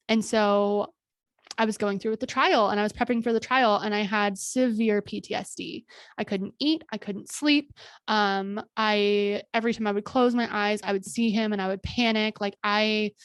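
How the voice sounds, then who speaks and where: A woman podcast host telling her own story in an earnest, candid monologue, halting often with fillers and restarts. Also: mid-range voice, no room sound, studio quality.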